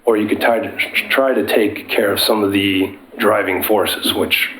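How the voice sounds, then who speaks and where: A man with a cold and a gravelly voice, an engineer explaining a landslide problem at a public meeting. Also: on the low side, fairly even intonation, a little slow, a bit bright, a little hiss or hum, low-quality recording. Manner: explanatory, technical, some restarts. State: has a cold. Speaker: geotechnical engineer presenting.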